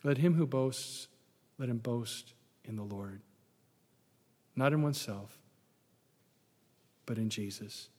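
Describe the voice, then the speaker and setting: A man preaching a sermon as a pastor, telling the story with lively, sarcastic asides. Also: mid-range voice, slow, pauses often, long reverb tail.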